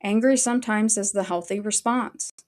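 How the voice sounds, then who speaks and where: A woman's voice: medium pitch, normal speed, darkish tone. A woman ranting angrily on a livestream, swearing heavily as she talks. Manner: angry, heavily profane. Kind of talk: livestream rant.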